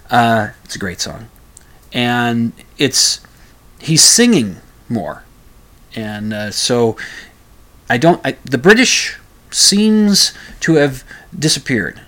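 A man's voice: medium pitch, a bit bright. A man hosting his own show, chatting casually and rambling about music with fumbling restarts and self-mocking asides. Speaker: show host.

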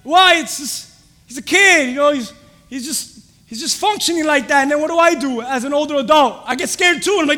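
A young adult man preaching a sermon, quizzing the congregation with fill-in-the-blank questions and rising to shouts. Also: very high-pitched, fairly quick, big-room sound. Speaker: pastor.

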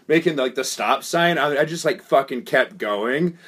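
Animated, foul-mouthed storytelling man. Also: a little high, a little fast, hardly any pauses, slightly rough. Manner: profane, animated, acts out quoted voices. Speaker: podcast co-host. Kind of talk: casual storytelling.

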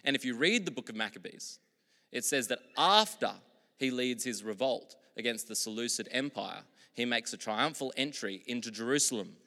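A man preaching a sermon as pastor, moving between loud, emphatic proclamations and quiet, reflective asides. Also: mid-range voice, lively intonation, normal speed. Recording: long hall reverb.

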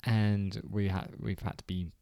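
A man in his thirties co-hosts a casual podcast, with a dry, self-deprecating manner and a slightly sore throat. His voice sits low and sounds close and dry, with no room around it. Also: level tone, a little slow, dark tone, clean tone, dry recording. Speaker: podcast co-host. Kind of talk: casual chat.

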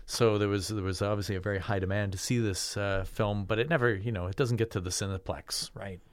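A man's voice: fairly low pitch, fairly even intonation, a little fast, no echo. A man co-hosting a casual film podcast, rambling and trailing off mid-sentence. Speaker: podcast co-host. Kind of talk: casual chat about films.

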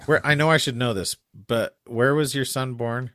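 A middle-aged man chatting casually as a podcast co-host, quick to laugh and joke. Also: mid-range voice, fairly even intonation, a bit bright, dry recording, studio quality. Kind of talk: casual chat.

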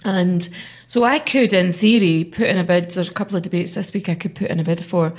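A woman's voice: fairly low pitch, a little fast. A middle-aged woman, a member of parliament talking earnestly in an interview, with many fillers and restarts. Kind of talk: conversational interview.

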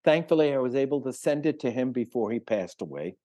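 A man's voice: medium pitch, expressive, a little fast, warm tone, dry recording. Older man telling rambling anecdotes. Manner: rambling, filler-heavy anecdotes. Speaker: retired musician guest. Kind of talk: casual interview storytelling.

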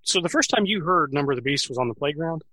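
A man's voice: fairly high pitch, lively intonation, quick pace, pushed and bright, no room sound. A middle-aged man co-hosting a podcast, chatting casually and trailing off with ums and uhs. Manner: talkative, trails off with fillers. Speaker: podcast co-host. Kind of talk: casual chat.

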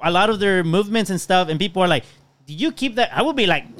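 A man's voice: sits high, expressive, fast, a bit bright. A man co-hosting a casual podcast chat, hedging and reasoning his way through a point. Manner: hedging, reasoning aloud, many restarts. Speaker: podcast co-host.

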